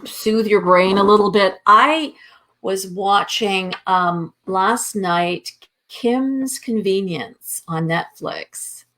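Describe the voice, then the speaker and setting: A woman's voice: mid-range voice, takes it slowly, a bit bright. Woman, middle-aged, co-host, casual chat, chatty, frequent restarts. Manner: chatty, restarts often, laughs easily. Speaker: co-host, nutritionist. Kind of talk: casual live-stream chat.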